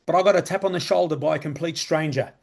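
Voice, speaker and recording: A man pitches a membership opportunity live, his voice sitting a bit high for a man. He talks eagerly and casually, circling back on his words and throwing rhetorical questions at his listeners. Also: fast, creaky. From Australia. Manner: enthusiastic, repetitive, conversational pitch with rhetorical questions. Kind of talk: live sales presentation.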